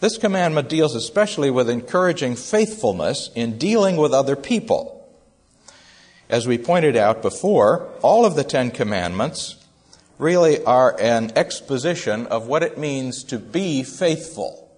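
A male preacher delivers a teaching sermon at an unhurried pace. His pitch sits in an ordinary middle range. He sets out his points in a careful, measured way. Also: expressive, darkish tone. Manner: slow, deliberate, measured delivery with pauses. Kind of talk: expository sermon.

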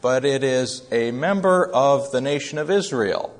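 A man preaching an expository sermon, speaking in a measured, deliberate way with frequent pauses. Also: mid-range voice, expressive.

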